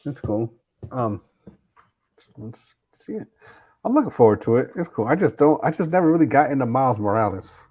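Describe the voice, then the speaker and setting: A man's voice: mid-range voice, lively intonation, fairly quick, a little mellow, husky. A man co-hosting a podcast in casual chat, cursing freely and rambling as he searches for words. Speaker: podcast co-host.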